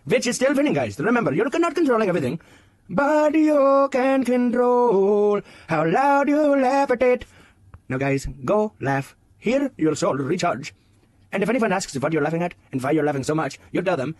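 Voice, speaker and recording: A man's voice: very high-pitched, a little mellow, no room sound, full character voice. A man voicing an overly earnest, rambling male self-help guru who talks in broken grammar and swoops dramatically. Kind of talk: comedy sketch character monologue.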